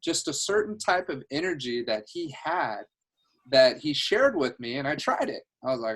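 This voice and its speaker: A man's voice: mid-range voice, very animated, normal speed, a bit bright, breathy edge. A man coaching a sales team on a video call from home, upbeat, laughing easily and restarting his phrases, talking into a headset.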